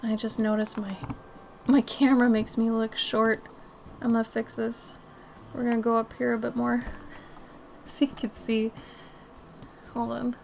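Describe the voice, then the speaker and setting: Slow, chatty woman from Minnesota. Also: a little high, level tone, gravelly, a little mellow, slight background noise. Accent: slight Minnesotan. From Minnesota, USA. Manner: chatty, reads and answers chat, gushes and giggles. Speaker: art streamer. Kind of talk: casual live-stream chat.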